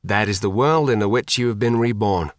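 A man voicing a calm, grave male commander who speaks in a measured, formal way. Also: fairly low pitch, no room sound, studio quality, lightly acted.

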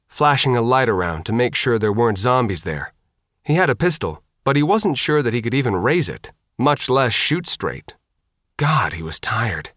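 A man narrating an audiobook with a steady, even reading. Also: mid-range voice, no room sound, studio quality.

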